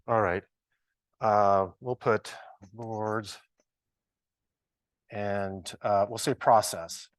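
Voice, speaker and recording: In a large ballroom before a live audience, a man runs an informal training workshop, chatting, joking, and thinking aloud as he engages the crowd. His fairly low voice has fairly even intonation, and he speaks extremely slowly with long pauses. There's no room sound.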